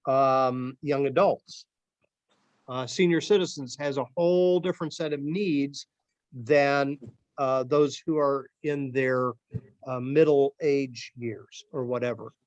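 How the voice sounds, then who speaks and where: A man's voice: on the high side, dry recording, highs cut off. Chatty Midwestern man leading a study. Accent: Midwest American. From Akron, Ohio. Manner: conversational, many ums and restarts. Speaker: Bible study leader. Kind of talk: church study group discussion.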